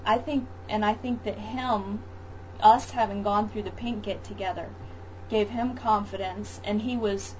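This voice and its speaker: A woman's voice: medium pitch, fairly even intonation, a little slow, a little mellow. Woman, chatty guest, lots of you-knows, slightly dull recording with faint hiss. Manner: chatty, many fillers and restarts. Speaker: interview guest, mother. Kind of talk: casual chat, birth story.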